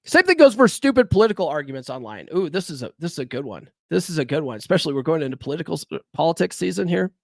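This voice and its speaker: A man's voice: fairly high pitch, big pitch swings, rapid-fire, vocal fry, hardly any pauses, no room sound, clean studio sound. A man hosting a podcast alone in a casual, blunt, profane way. He keeps asking his listeners "right?" and throws rhetorical questions at them. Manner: rhetorical, challenges listeners directly. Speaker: podcast host. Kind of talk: casual solo talk on dating and self-improvement.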